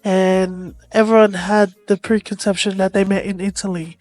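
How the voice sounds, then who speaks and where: A woman's voice: mid-range voice, level tone, moderate pace, a little mellow, dry recording. Woman, podcast co-host, rambling, casual, dry close sound. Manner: rambling, many "like" fillers. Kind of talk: casual chat.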